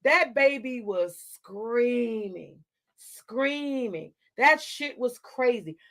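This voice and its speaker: A woman's voice: on the high side, animated, very slow, a bit bright. A woman hosting a livestream, ranting at her chat in a confrontational, profane way. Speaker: livestream host.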